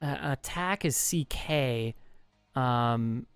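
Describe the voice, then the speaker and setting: A man's voice: mid-range voice, extremely slow, clean tone, dry recording, faint music behind. A man co-hosting a podcast, playing a word game in a hesitant, joking, self-deprecating way with plenty of ums. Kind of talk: casual podcast chat.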